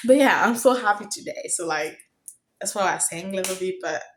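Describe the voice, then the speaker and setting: A young woman from Africa telling a story in a casual vlog, chatty and excitable, getting loud when thrilled. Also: mid-range voice, a little fast, slight background noise. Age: young adult. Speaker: vlogger.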